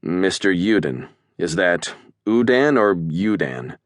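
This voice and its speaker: A man's voice: deep voice, big pitch swings, takes it slowly, dry recording, full character voice. A man voicing a seasoned male starship captain who speaks with dry, wry understatement.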